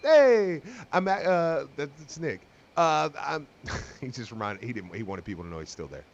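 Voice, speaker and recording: Sports-talk host, male, lively pitch, light background noise. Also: moderate pace, dull audio. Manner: excitable, laughs often.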